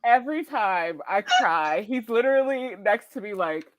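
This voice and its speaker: A young woman hosting a casual live chat, animated and laughing often as she tells stories. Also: a little high, takes it slowly. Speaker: host.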